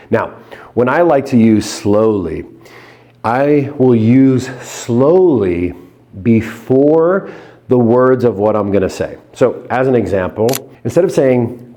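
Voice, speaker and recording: A man teaching hypnosis in a casual online tutorial, chatting straight to viewers and sinking into a soft, slow murmur on the key words. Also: medium pitch, lively intonation, soft background music. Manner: chatty, addresses viewers directly.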